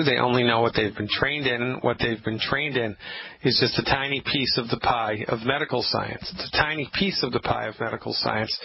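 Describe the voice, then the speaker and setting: A man hosting a live health radio show, talking emphatically and repeating points for force. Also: mid-range voice. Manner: emphatic, repetitive, preachy; mock Irish lilt in the opening. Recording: slightly dull radio broadcast with faint hiss.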